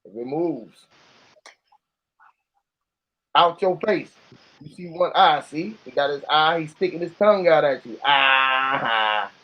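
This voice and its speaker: Man, swearing freely, rambling musings, somewhat high voice, muffled lo-fi sound. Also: a little slow, long pauses, slightly rough. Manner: profane, musing, freewheeling. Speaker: vlogger. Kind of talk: casual rambling talk to camera.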